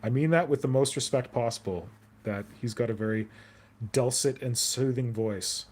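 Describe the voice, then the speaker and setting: Hosting a hobby live stream, a man speaks at a moderate pace in a medium-pitched, somewhat mellow voice. He rambles, cracks jokes, and answers chat comments aloud in a casual way.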